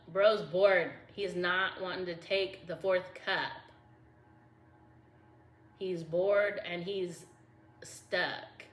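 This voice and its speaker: Chatty tarot-reading woman in an echoey room. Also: lowish voice. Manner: chatty, laughing, slangy, addresses viewers as y'all. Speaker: tarot reader. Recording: echoey room with faint background noise.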